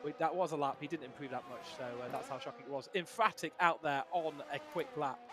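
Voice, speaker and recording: A man giving live commentary on a sim racing session, building excitement on fast laps. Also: a little high, heavy background noise. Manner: excitable, rising on fast laps, some restarts.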